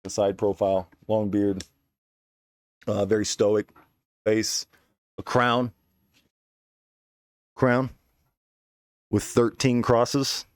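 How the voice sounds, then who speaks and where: A man's voice: on the low side, very slow, pauses often, no room sound, clean studio sound. Profane, rambling man telling a story. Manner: animated, profane, rambling with restarts. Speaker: podcast host. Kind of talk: casual storytelling monologue.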